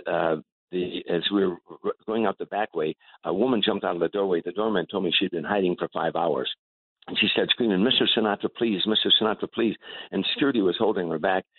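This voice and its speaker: An older man, a comedian, telling stories with animated restarts in a radio interview over the phone. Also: low voice, fast talker, no echo. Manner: animated storyteller with repeated restarts. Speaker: guest comedian. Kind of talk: casual radio interview storytelling. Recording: tinny phone line.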